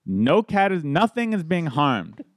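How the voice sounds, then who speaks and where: A man's voice: on the high side, big pitch swings, a little slow, no room sound, studio quality. A man, a comedian, telling stories in a casual podcast chat, rambling with restarts and laughs. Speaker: guest comedian.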